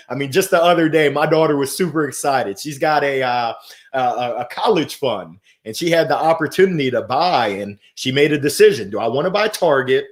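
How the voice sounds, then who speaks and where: A middle-aged man hosting a live motivational stream, reading viewer comments aloud in an upbeat, animated way. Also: a little high. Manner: upbeat and animated, swinging from soft to loud. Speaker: host of a weekly motivational livestream.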